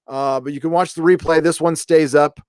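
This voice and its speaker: Middle-aged male streamer, loose and jokey, smooth voice, dry close mic. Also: a little high, steady tone, fairly quick, no echo. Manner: rambling, reads donations aloud, jokey. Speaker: live stream host. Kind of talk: casual live stream chat.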